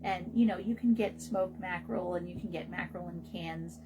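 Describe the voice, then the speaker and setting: A woman's voice: on the low side, brisk, background noise. A woman hosting a health radio show, talking casually about naturopathic care in a chatty, rambling way with many fillers and restarts.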